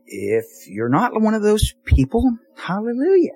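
A man preaches to his congregation with a slightly raised, husky voice. He jumps between serious points and jokey asides, stumbling and restarting as he goes. His pitch rises and falls widely. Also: unhurried, no echo. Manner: animated, jokey storytelling with many restarts. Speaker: pastor. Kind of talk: sermon. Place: church sanctuary.

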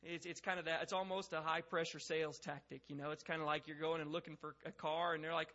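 Male pastor, higher-pitched, conversational sermon style that slips into quoted voices, muffled lo-fi audio. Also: fairly quick, pushed and bright. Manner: conversational preaching, acts out the speakers he quotes.

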